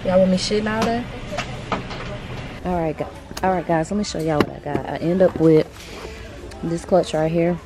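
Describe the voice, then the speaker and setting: A woman's voice: lowish voice, fairly even intonation, moderate pace, pauses often, background noise. A woman vlogging in a casual, chatty way, speaking straight to her viewers with lots of slang and energy as she goes about her errands and then talks from home. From Texas.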